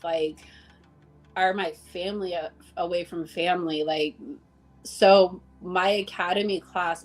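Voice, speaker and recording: A woman guest in a casual conversation, telling heartfelt stories about coworkers, acting out the dialogue and using plenty of "like.". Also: lowish voice. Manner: heartfelt storytelling, acting out dialogue, many "like" fillers. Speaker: interview guest.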